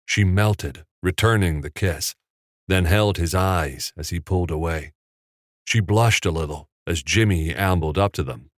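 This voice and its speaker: A male narrator reads a novel in a measured, steady storytelling style, his voice sitting on the low side. The recording is dry and close, with no room sound at all. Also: dry recording. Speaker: audiobook narrator. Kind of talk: scripted audiobook narration.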